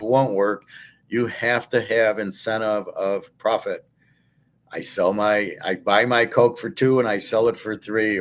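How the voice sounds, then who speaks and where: Middle-aged male host, low-pitched, blunt and foul-mouthed, scornful rant delivery. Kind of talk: ranting commentary.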